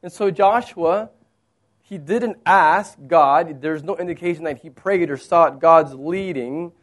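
Man preaching an expressive sermon. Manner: expressive preaching, acts out quoted lines with rising pitch. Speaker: pastor.

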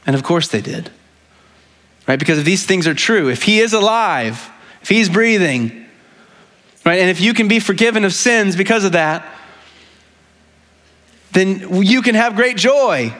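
Pastor, man, high voice, chatty earnest sermon delivery with frequent restarts. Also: animated, unhurried, long pauses, a bit bright. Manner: conversational, frequently asks "right?"; speaks with rising emotion.

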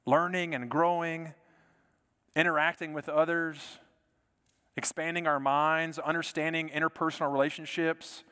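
A male pastor preaching a sermon with an earnest delivery, repeating words and dropping to a soft hush to stress a point. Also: a little high, smooth, big-room sound. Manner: earnest, repeats words, drops to soft quiet lines for emphasis.

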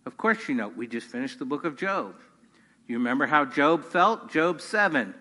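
Preaching earnestly to his congregation, a pastor speaks at a moderate pace with a fairly high, expressive voice that sounds pushed and bright. His force rises on key points, and long hall reverb trails his words.

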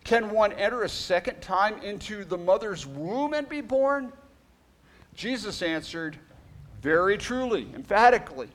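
Animated male pastor preaching. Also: high-pitched, unhurried. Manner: emphatic, conversational asides while reading scripture. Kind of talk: sermon with scripture reading.

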